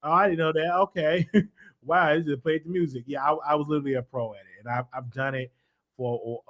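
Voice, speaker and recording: A man's voice: on the high side, fairly even intonation, fairly quick, fairly bright tone. A man hosting a live call-in show, talking casually and animatedly, often restarting and repeating his phrases. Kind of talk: casual live-stream chat with callers.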